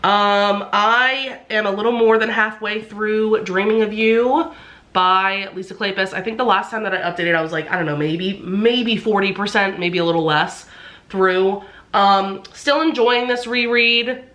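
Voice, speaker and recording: A woman's voice: medium pitch, unhurried, fairly bright tone, dull audio. A congested woman chatting casually in a book vlog, full of fillers. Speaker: book vlogger.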